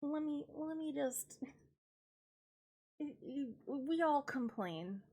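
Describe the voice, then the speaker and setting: Woman, streamer, congested with a cold, wry ranting, frequent laughs, slightly high voice, casual chat. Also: expressive, very slow, a little mellow.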